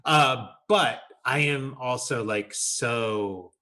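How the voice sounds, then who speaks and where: Bright-voiced male podcast co-host. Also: medium pitch, extremely slow. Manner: self-deprecating, laughs often. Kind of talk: casual podcast chat.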